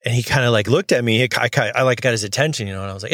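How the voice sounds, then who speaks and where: A man in his thirties telling a work story as a notary, casual and animated, acting out the voices with lots of fillers and laughs. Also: mid-range voice, rapid-fire, no echo, studio quality.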